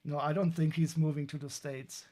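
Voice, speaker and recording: A man's voice: on the high side, flat delivery, moderate pace, warm tone. A man with a German accent chatting casually on a live stream while unboxing toys, wry and rambling with frequent restarts.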